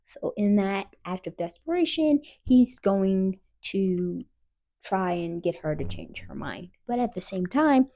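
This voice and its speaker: A young woman casually recapping a film plot in a chatty, animated way, with fillers and asides. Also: mid-range voice, dry recording. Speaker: film reviewer.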